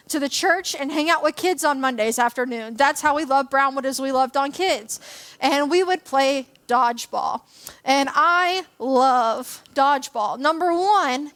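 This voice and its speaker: In a church hall, a young woman in her twenties with a high voice shares a personal story with the congregation. She's chatty and self-deprecating, relaxed rather than formal, filling her speech with "um" and "like."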